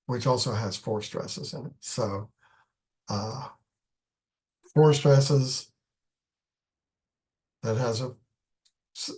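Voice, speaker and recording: A man lecturing on poetry in a live online class, explaining in an unhurried way and thinking aloud with many fillers. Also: medium pitch, darkish tone.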